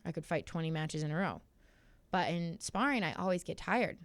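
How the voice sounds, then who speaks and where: A woman's voice: on the low side, normal speed, dry recording. A young woman guest in a studio interview, telling her story candidly and acting out what others said. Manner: candid, animated storytelling, acts out quotes. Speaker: guest fighter. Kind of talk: casual interview chat.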